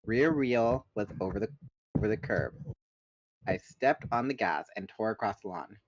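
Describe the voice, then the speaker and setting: A man's voice: on the low side, animated, normal speed, a little hiss or hum. A man hosting a podcast, reading a novel aloud with joking asides, on a dull, lo-fi recording. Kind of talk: casual book read-along.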